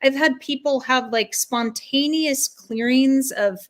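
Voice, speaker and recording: A woman's voice: sits high, slow, fairly bright tone. A woman guest, a spiritual guide and life coach, answering interview questions in an earnest, soothing way, stringing ideas together in long flowing lists.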